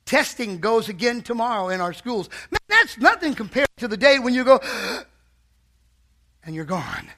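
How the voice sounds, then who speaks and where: A man's voice: very high voice, big pitch swings, a little slow, pushed and bright, slight background noise. A man preaching a fervent sermon in a church, calling out to the congregation.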